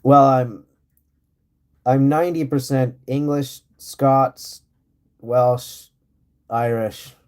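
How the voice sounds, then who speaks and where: A man's voice: medium pitch, steady tone, extremely slow, pauses often, darkish tone, clean tone. Laid-back man rambling on a live stream. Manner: rambling, laid-back, laughs often, many fillers. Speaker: livestream host. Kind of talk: casual live-stream chat. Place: home in rural area.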